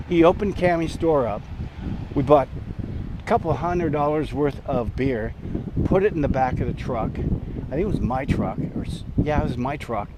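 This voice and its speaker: A man's voice: on the high side, normal speed, noisy background. A man in his sixties telling a story from his past in a casual, rambling way, chuckling, with many fillers and restarts.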